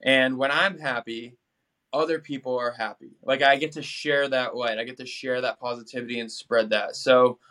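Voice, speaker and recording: Chatty energetic young man. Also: mid-range voice, moderate pace. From New England, USA. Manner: energetic, chatty, many fillers and restarts. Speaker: podcast guest. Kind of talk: casual interview talk.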